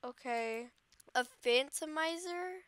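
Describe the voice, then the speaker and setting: A woman doing dramatic, excitable commentary over her game, swinging between wailing and squealing. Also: high voice, slow pace, no room sound. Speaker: game video creator. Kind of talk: gameplay commentary.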